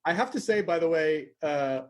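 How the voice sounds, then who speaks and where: A man hosting a podcast in casual chat, chatty and quick to laugh. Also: fairly high pitch, animated. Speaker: podcast host.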